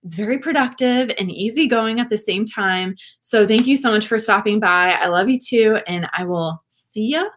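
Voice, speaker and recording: A young woman, chatting warmly and gushing to viewers during a casual livestream makeup session. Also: medium pitch, moderate pace, hardly any pauses. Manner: bubbly, gushing, laughs often, talks to viewers. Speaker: beauty vlogger.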